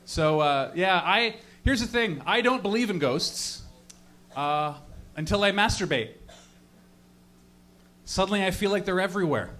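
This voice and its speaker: Young man, high voice, stand-up comedian, rambling profane storytelling, live stage. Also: lively intonation, unhurried, fairly bright tone. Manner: loose, rambling storytelling with frequent laughs and profanity.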